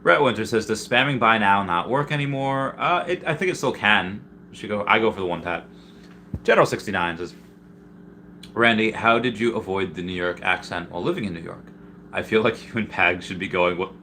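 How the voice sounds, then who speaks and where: A Peruvian man hosts a casual live stream, reading viewers' comments aloud and answering them in a rambling way, often restarting his sentences. His voice is fairly low, brisk, pushed and bright. There's a little hiss or hum in the audio.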